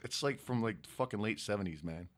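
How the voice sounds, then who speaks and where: A man from Michigan with a Michigan accent, co-hosting a casual podcast, crude and blunt, with loud bursts when he reads out viewers' names. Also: on the low side, expressive, a little fast. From United States. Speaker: podcast co-host. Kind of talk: casual chat reading viewer super chats.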